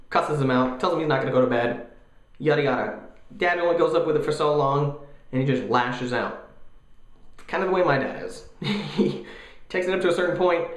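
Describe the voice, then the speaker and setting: Echoey, animated young man ranting. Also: medium pitch. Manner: animated, jokey, mocking voices. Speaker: vlogger. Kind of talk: casual ranting vlog.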